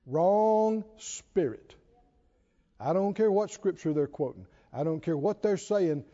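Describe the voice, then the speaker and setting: With an expressive, high, swinging voice that is warm and mellow, a man preaches a sermon. His delivery is emphatic, stresses slow and stretched, punctuated by an occasional chuckle, on dull, lo-fi audio with a long reverb tail from a large hall.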